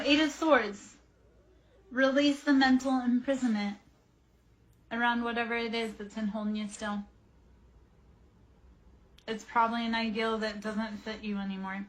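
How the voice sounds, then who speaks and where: Bright-voiced chatty woman in her forties. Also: fairly high pitch, steady tone, unhurried, pauses often. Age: 40s. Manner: chatty, rambling, goes off on tangents while answering chat. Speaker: tarot reader and livestream host. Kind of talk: casual livestream chat with tarot reading.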